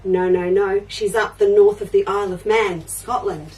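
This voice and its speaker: An older woman hosts a live quilting show, chatty and rambling as she reads out and answers viewer comments in a friendly way. Her mid-range, darkish voice has fairly even intonation at normal speed. Sitting a little back from the mic, she sounds slightly distant, with a touch of hiss or hum.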